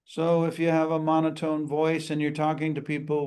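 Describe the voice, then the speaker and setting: A man with a high voice teaches a live customer service seminar. He talks with energy and slips into short acted-out greetings to show how a phone call should sound. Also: flat delivery, normal speed, few pauses, darkish tone, clear, resonant tone.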